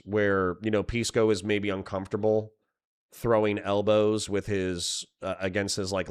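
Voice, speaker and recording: A man's voice: deep voice, smooth. A man streaming live, rambling and swearing while he comments and reads chat messages aloud.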